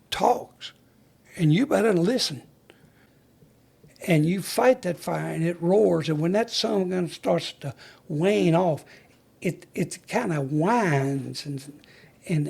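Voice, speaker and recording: Older man, retired fire chief type, spins folksy yarns in a husky, high-set voice. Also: expressive, slow. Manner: folksy storyteller who acts out the dialogue he recalls. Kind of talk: storytelling interview.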